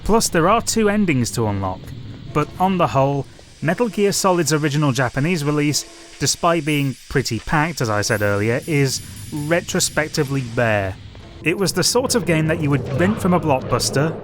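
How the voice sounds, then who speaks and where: A young man reading a measured, lightly wry scripted game review. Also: mid-range voice. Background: faint background music.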